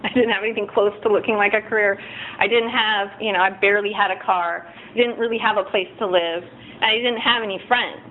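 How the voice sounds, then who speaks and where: A woman's voice: medium pitch, steady tone. Woman sharing her recovery story at a meeting, self-mocking, lots of restarts, thin phone-like sound, a bit of noise. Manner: candid, self-mocking, halting with many restarts and fillers.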